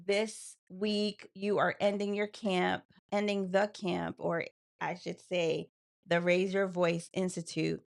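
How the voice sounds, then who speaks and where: Woman, from New York, co-host, casual chat, gravelly, laughs easily. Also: fairly low pitch, level tone, takes it slowly. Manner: chatty, laughing often.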